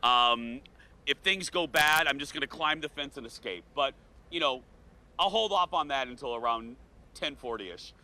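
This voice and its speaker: A man from the American South hosting a morning TV show outdoors at a fair, earnest and emotional, speaking slowly. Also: mid-range voice, pushed and bright. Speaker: TV show host. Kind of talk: morning TV chat. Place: outdoor state fair set.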